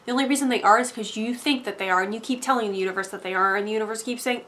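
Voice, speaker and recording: A young woman talking straight to camera in an emphatic motivational monologue, swinging between loud insistence and hushed asides. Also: fairly high pitch, racing, hardly any pauses, a little hiss or hum. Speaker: spiritual vlogger.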